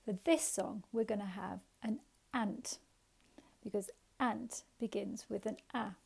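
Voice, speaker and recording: Slow sing-song teacher woman. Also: medium pitch, fairly even intonation, gravelly, darkish tone, slightly rough. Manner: slow, sing-song and encouraging, with chanted sounds and songs. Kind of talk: phonics lesson for young children.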